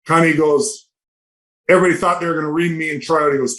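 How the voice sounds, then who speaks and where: A man's voice: on the high side, fast talker, low-quality recording. A man in his fifties, a podcast guest telling long anecdotes in casual chat and acting out what people said. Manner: animated anecdotes, acts out quoted voices. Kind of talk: casual storytelling.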